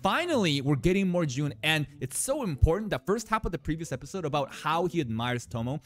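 A man hosting an anime reaction channel, chatting casually and excitably with slang and frequent laughter. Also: a little high.

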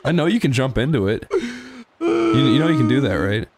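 A man's voice: medium pitch, huge pitch swings, a little fast, a crowd in the background. A man doing crude, joking commentary while playing a video game with friends. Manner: crude, joking, laughing a lot. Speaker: let's play co-host. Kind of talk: casual gaming commentary.

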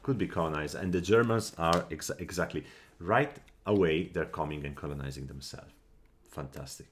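Deep-voiced male game commentator at his desk mic, musing and tallying out loud, short bursts of frustration. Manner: thinks aloud, counts under his breath, quick flashes of annoyance. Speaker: gameplay commentator. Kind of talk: casual strategy game commentary.

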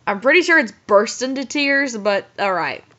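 A woman reading a story aloud for comedy, with exasperated, halting asides. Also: a little high, animated, sharp tone. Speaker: reader and commentator. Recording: dull lo-fi recording.

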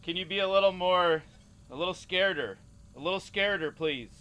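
An actor playing a tired male casting director running auditions in a flat, businesslike way. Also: high-pitched, brisk, clear, resonant tone. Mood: bored.

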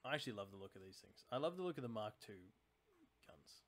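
A man with a lowish, somewhat bright voice and lively intonation talks fast while playing a naval strategy game on his channel. His let's-play commentary is casual and chatty, and he analyzes tactics out loud.

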